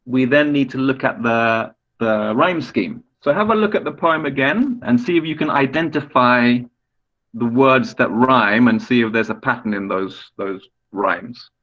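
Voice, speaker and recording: A man's voice: medium pitch, measured pace, lo-fi sound. Patient male poetry lecturer on a video call. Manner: patient, explanatory, with restarts and questions to students. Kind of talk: online webinar lecture.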